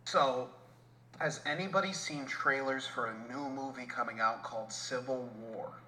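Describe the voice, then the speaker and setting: A man in a podcast chat who rants heatedly and swears often. His voice is bright and forceful at a middle pitch. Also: moderate pace, low-quality recording. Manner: heated ranting with heavy swearing. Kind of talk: casual chat.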